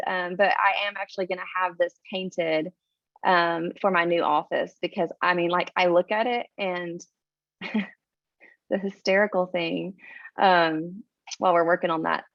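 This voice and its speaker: A woman's voice: mid-range voice, a bit bright, no echo, dull audio. A woman sharing her personal story on a video call in a casual, chatty way, with lots of "like" and "um.". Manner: chatty, full of "like" and "um".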